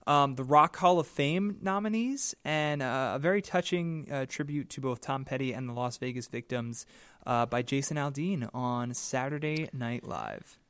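A man's voice: medium pitch, moderate pace, a bit bright, clean tone, dry recording. A man co-hosting a music podcast, easygoing and laid-back. He often calls his co-host "man". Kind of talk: casual chat.

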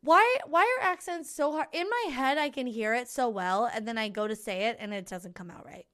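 A woman's voice: a little high, expressive, moderate pace, a bit bright. A woman co-hosting a casual podcast chat, playful and rambling, laughing often as she riffs on silly ideas. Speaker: podcast co-host.

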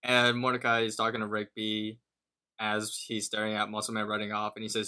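A man co-hosting a podcast casually retells a cartoon episode scene by scene, quoting the characters' lines in a lifted voice. His voice is on the low side, with a flat, brisk delivery that sounds pushed and bright.

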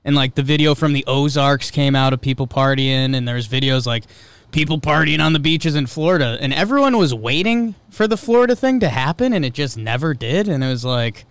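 A man, co-hosting a podcast in relaxed, joking chat. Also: mid-range voice, brisk, clear, resonant tone, no room sound. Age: 30s. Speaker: podcast co-host. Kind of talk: casual chat.

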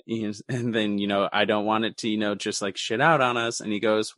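A man co-hosting a podcast, chatting about a film, animated and swearing freely as he mocks the characters. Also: lowish voice, normal speed, few pauses, dry recording. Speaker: podcast co-host. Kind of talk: casual chat recapping a film.

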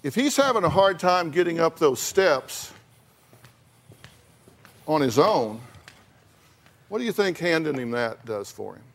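A man with a fairly high speaking voice counsels guests on a talk show stage. He is blunt and emphatic and repeats words as he presses his points. His phrasing is folksy. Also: sing-song, unhurried, pauses often, fairly bright tone, a little hiss or hum.

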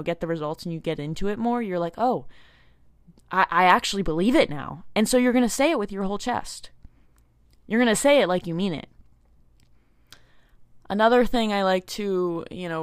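A woman's voice: fairly low pitch, clean tone, dry recording, clean studio sound. A young woman hosting a self-help podcast, talking earnestly and encouragingly to her listeners in a casual way, with lots of "like" and "you know". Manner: casual with many likes and you knows. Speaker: podcast host.

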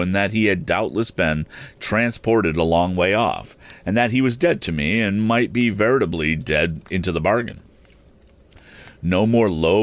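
Deep-voiced man narrating a classic novel audiobook, very lively intonation, dry close sound. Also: no echo. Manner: measured, expressive first-person storytelling.

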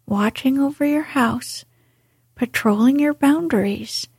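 A woman voicing a sensible, reproachful male water rat in a soft, breathy whisper. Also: high voice, measured pace, no echo, pitched above the performer's own voice, heavily acted.

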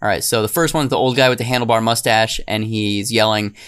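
A man co-hosting a podcast, chatting casually and getting loud when he acts out meme quotes. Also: lowish voice, steady tone, brisk, clean tone. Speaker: podcast co-host.

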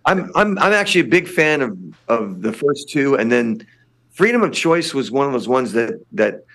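A man's voice: mid-range voice, very animated, moderate pace, fairly bright tone. An older man, a punk singer, chatting casually as a guest, rambling with many restarts. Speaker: lead singer of a punk band, podcast guest. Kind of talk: casual interview chat.

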